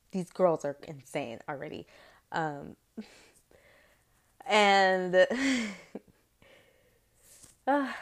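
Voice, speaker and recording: A young woman hosting a podcast, chatting casually about a TV episode with lots of fillers and exaggerated reactions. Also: on the low side. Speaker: podcast host. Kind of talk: casual TV recap chat.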